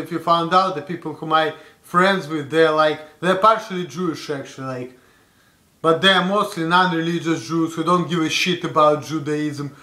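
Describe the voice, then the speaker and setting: Young russian guy vlogging, thick accent, rambly and blunt, bright voice, echoey room. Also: a little high. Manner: rambling, many fillers, blunt. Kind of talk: casual talk to camera.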